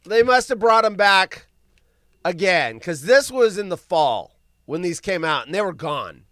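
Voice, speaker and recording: Loud rambling man hosting a live show. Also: sits high, big pitch swings, measured pace, dry recording, studio quality. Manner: loud, rambling, bursts into yelling. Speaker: podcast host. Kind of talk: casual live-stream chat.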